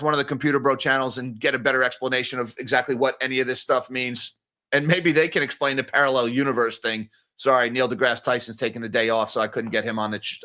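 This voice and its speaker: A middle-aged man talks through the day's market news in a casual, conversational way, reading headlines aloud and breaking off for sarcastic, exasperated remarks. His voice sits a bit high for a man and sounds bright and forceful. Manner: conversational, with fillers and restarts. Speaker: finance channel host.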